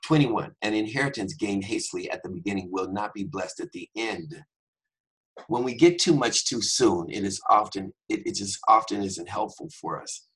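A man's voice: deep voice, a bit bright, breathy edge, low-quality recording. A man hosting a devotional podcast who teaches scripture conversationally and drifts into humorous asides.

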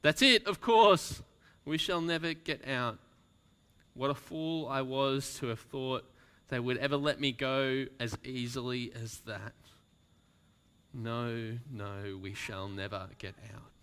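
A pastor reading aloud and voicing a half-mad, frightened stranger who yells in wild despair. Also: male voice, medium pitch, slow pace, clean tone, long reverb tail. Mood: frantic.

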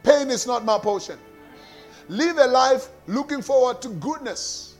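A man preaching a sermon who repeats key phrases and calls on the congregation to answer, swinging between shouting and quiet, sung lines. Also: extremely high pitch, animated, measured pace, faint music behind. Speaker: pastor.

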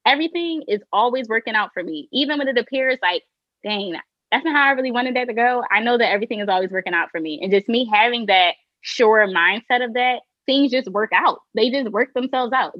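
A woman's voice: a little high, lively intonation, fairly quick, dry recording, muffled recording. A woman guest on a casual podcast, upbeat and emphatic, saying "like" and "okay" a lot.

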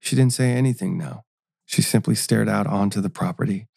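Man reading a story, low and gravelly, mellow dark tone, dry close mic. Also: no echo. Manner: measured, storytelling. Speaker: narrator. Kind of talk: scripted narration.

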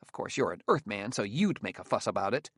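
A man reading an audiobook, voicing a young male courtier who is tense, proud and quickly indignant. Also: fairly low pitch, very animated, fairly bright tone, breathy edge, dry recording, clean studio sound, exaggerated voice. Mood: defensive.

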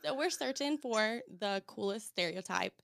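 A woman's voice: mid-range voice, animated, normal speed, gravelly, a bit bright, no room sound, clean studio sound. A woman hosting a podcast in casual chat, laughing often as she talks. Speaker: podcast host.

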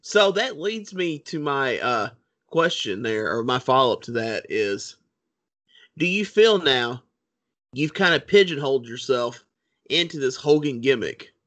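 A man's voice: medium pitch, big pitch swings, unhurried, fairly bright tone. A man interviewing a guest on a podcast, conversational and teasing.

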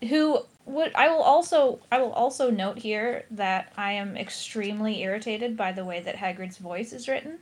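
An American woman talking through a book in a relaxed conversational way, her voice sitting at an ordinary middle pitch. She reasons aloud, pausing on fillers and restarting sentences as she works out her point. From United States. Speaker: podcast co-host. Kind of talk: casual discussion.

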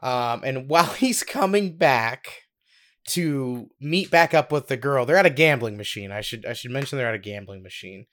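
A young man co-hosting a podcast, telling a story in a casual, giggly, animated way. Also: medium pitch, normal speed. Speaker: podcast co-host.

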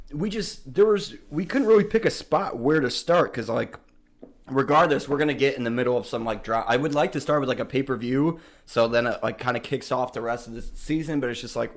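A man hosting a podcast in loose, casual chat. He rambles and swears freely, with filler words strung between his thoughts, at an ordinary mid pitch. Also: expressive, normal speed. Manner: rambling, profane, many fillers. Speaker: podcast host.

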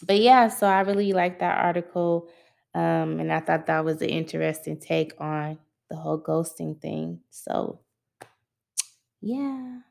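A young woman hosts her solo podcast in a relaxed, easygoing chat full of loose slang. Her voice is fairly low and smooth, with a gravelly fry at the ends of phrases. She takes her time and talks at an unhurried pace. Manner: laid-back, conversational, loose slangy phrasing. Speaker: podcast host.

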